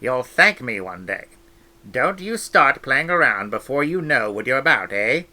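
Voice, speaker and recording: A man voicing a stern, no-nonsense old village witch woman, brisk and scolding. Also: mid-range voice, very animated, pushed and bright, full character voice.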